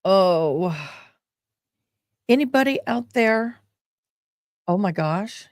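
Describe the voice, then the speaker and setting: A woman's voice: medium pitch, lively intonation, extremely slow, darkish tone, no echo, clean studio sound. A woman hosting a live stream in a rambling, chatty way. She is short of breath and breaks off to sigh and cough. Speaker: livestream host. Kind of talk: casual live-stream chat.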